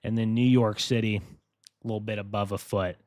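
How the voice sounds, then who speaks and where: A man hosting a live weather briefing, talking casually and excitedly to his viewers. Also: fairly low pitch, moderate pace, no room sound, studio quality. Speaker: weather streamer.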